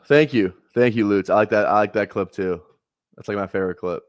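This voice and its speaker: A man's voice: on the low side, normal speed, no room sound. A man casually rambling on a live stream while drafting fantasy football, talking loosely with filler words and the odd curse. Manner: laid-back rambling with frequent laughs and swearing.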